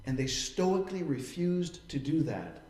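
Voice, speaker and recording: A man's voice: a little high, expressive, measured pace, a little mellow, reverberant. A man preaching a sermon in an earnest tone. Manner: earnest preaching, acting out quoted voices. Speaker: pastor.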